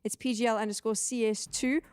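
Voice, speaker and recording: A woman hosting an esports analysis desk, brisk and steering the talk, at times exasperated. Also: a little high, fairly even intonation, darkish tone, clear, resonant tone, no room sound.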